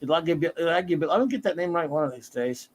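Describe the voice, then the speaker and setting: A man's voice: on the high side, expressive, fast. Man hosting a casual comics stream. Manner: warm shout-outs to chat viewers. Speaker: host of a comics talk stream. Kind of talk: casual live-stream chat.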